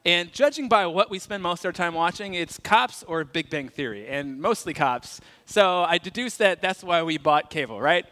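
Pastor preaching to his congregation. Male, high and bright, casual storyteller with jokes, long church hall echo. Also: lively intonation, moderate pace, few pauses. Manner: conversational, joking storyteller. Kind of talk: sermon.

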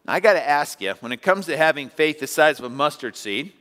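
Male pastor, relaxed conversational sermon, slightly high voice, reverberant sanctuary. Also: brisk. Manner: conversational preaching with acted-out asides. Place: church sanctuary. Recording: long hall reverb.

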